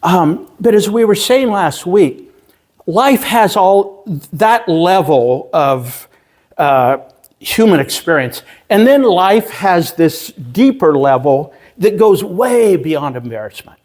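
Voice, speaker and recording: Male pastor, sermon storyteller; slightly high voice, slow halting delivery with self-deprecating humor. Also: darkish tone. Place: church sanctuary.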